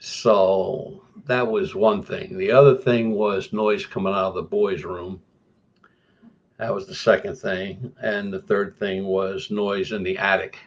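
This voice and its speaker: A man telling a story as a guest, with an animated delivery that jumps higher for emphasis. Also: a little slow, muffled recording. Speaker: guest paranormal investigator. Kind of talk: casual storytelling.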